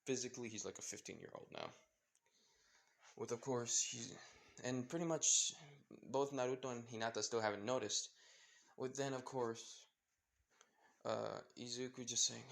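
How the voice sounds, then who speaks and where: A young man improvising a fan fiction story out loud, rambling with many fillers and self-corrections. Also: medium pitch, fairly even intonation, normal speed.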